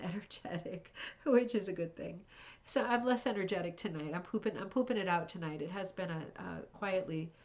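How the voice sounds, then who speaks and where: A middle-aged woman hosting a craft club livestream, chatting casually and gushing with praise, with many fillers and restarts. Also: on the low side. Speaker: host of a rug hooking club livestream.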